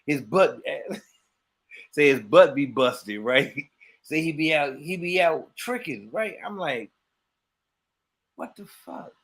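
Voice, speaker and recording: A man's voice: fairly high pitch, animated, takes it slowly, a bit bright. A man telling a long story in casual chat, acting out quoted dialogue and laughing often. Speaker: podcast co-host.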